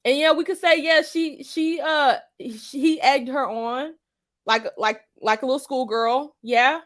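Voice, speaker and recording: Woman host, high voice, slangy, profane, emphatic opinion commentary. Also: a little slow, a bit bright. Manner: blunt, profane and emphatic, repeating her points; slang-heavy street talk.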